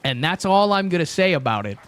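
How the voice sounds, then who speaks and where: A man's voice: on the high side, very animated, fairly quick, a bit bright. A young man streaming, chatting casually and rambling with jokes to his chat. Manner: rambling, joking, talks to chat.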